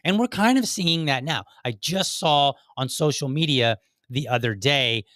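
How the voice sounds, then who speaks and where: A man's voice: medium pitch, expressive, moderate pace, a bit bright, no room sound, clean studio sound. A man hosting a political podcast, talking casually with frequent restarts and asides. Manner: conversational, many restarts and "like" asides. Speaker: podcast host.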